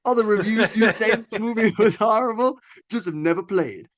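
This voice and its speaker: A man's voice: high-pitched, moderate pace, fairly bright tone, voice pushed up. Man putting on a put-on Southern accent, drawling, emphatic, blustering football fan. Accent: put-on American Southern.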